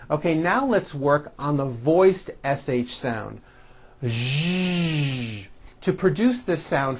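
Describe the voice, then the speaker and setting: An English pronunciation teacher, leading drills and reading practice sentences in a deliberate, carefully articulated way. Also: medium pitch, slight background noise. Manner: slow, deliberate, clearly articulated drilling of words. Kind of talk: recorded English pronunciation lesson.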